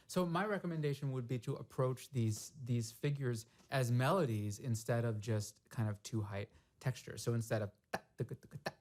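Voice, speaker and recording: A man teaching snare drum, explaining step by step in a thoughtful way and singing rhythms out loud in a practice studio. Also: medium pitch. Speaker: percussion teacher. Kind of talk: instructional demonstration.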